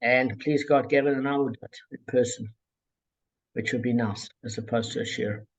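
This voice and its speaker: A man leading a casual group study over a call, talking in a relaxed, digressive way with many fillers and a gravelly, husky voice. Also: mid-range voice, normal speed, poor audio. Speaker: Talmud study group leader.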